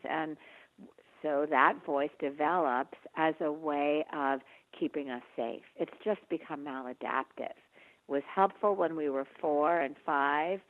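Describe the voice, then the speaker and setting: Slow, soft-spoken woman on a phone line. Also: deep voice. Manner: slow, gentle, soft-spoken, with many pauses. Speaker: author and guest on a health podcast. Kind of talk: reflective interview answers. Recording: tinny phone-line sound.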